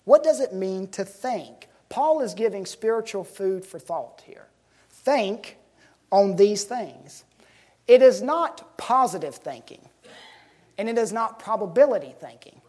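A woman preaching to a congregation at a middle pitch. She puts questions to her listeners and stretches out the words she wants to land. Her delivery is emphatic and unhurried. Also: darkish tone, slightly rough. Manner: emphatic, slows to stress key words. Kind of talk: sermon.

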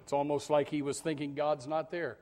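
Animated preaching man in echoing hall. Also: on the high side, moderate pace, slight background noise. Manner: animated preaching, swings from loud to hushed. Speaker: pastor. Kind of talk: sermon. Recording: long hall reverb.

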